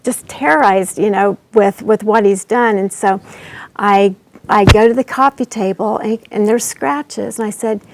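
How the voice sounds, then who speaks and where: A woman hosting a faith livestream, telling a personal story in an animated way and acting out the voices she quotes. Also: medium pitch, unhurried, noisy background. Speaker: summit host.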